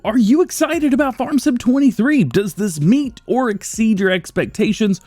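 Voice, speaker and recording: Brief: upbeat male gaming YouTuber, slightly high voice, dry close sound. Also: wildly swooping pitch, a little fast, few pauses, a little mellow, no echo. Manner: upbeat, chatty, addresses viewers directly. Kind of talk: scripted game news rundown.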